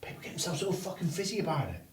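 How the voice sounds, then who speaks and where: A man's voice: on the high side, sing-song. Guy teaching hypnosis, swears a lot, blunt, mic far off in an echoey room. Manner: blunt and heavily profane; switches into slow hypnotic suggestion for demos. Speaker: hypnotherapy trainer. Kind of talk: hands-on training demonstration. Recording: roomy room, distant mic, faint noise.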